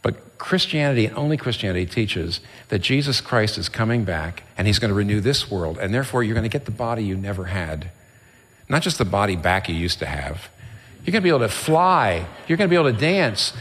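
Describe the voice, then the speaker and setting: A man's voice: fairly low pitch, very animated, a little fast, fairly bright tone, long reverb tail. A man preaching a sermon as a pastor, impassioned and rising to fervent emphasis.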